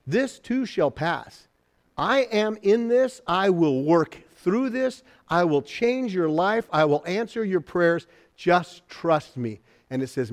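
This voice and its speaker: Animated preacher man with a lively voice. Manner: animated, acts out voices of people in the story; swings between loud exclaiming and quiet, low, intimate asides. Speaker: pastor. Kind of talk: sermon.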